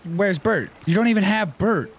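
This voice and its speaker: A man giving let's-play commentary, swinging from high excited yelps to low grumbling mutters and laughing often. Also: moderate pace, faint music behind. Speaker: gaming YouTuber.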